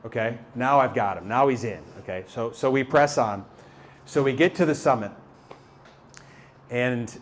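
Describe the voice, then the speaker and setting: A man telling a story live to an audience, animated and halting, with many repeated words and fillers. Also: medium pitch, slight background noise. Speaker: motivational speaker. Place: talk venue with a live audience.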